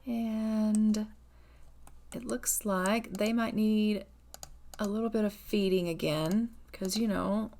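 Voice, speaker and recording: A woman's voice: medium pitch, fairly even intonation, slow pace, a little mellow. A woman giving casual gameplay commentary in a chatty way, narrating the story and voicing the characters as she plays. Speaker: gameplay video creator.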